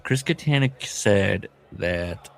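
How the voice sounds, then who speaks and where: Gravelly low-voiced joking man. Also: animated, drawn-out words. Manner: joking, laughs often, mocking. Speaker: podcast co-host. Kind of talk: casual chat.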